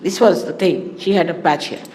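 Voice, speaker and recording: A woman from India, a spiritual teacher, gives a talk to her followers, rambling through anecdotes and asides. Her voice is lowish and a little mellow at a moderate pace, recorded in an echoey hall with faint background noise.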